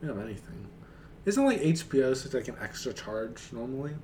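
A man's voice: medium pitch, big pitch swings, fairly quick, a little mellow. A young man with an ordinary mid-range voice, co-hosting a casual podcast. He rambles, stacks up "like" fillers and laughs easily. A faint noise floor sits under the recording. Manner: rambling, full of "like", laughs often. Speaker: podcast co-host. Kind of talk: casual chat.

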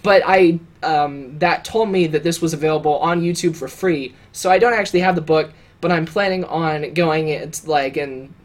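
A man's voice: on the high side, normal speed, few pauses. A young man co-hosting a podcast, telling a story in a loose, rambling way with many fillers and restarts. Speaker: podcast co-host. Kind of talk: casual chat.

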